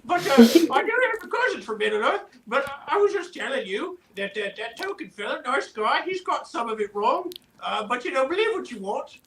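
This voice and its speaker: A tall, easygoing goblin with a trace of ogre blood talks in a strikingly high voice that leaps up and down. He rambles along, full of "uh" and "you know." It is an in-character livestream interview over a video call. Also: sing-song, a little fast, hardly any pauses, sharp tone, full character voice. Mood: chatty.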